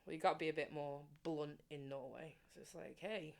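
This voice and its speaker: A woman's voice: low-pitched, brisk, vocal fry. A woman, a guest musician, telling stories in a casual chat and laughing often. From England. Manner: animated storyteller, laughs often.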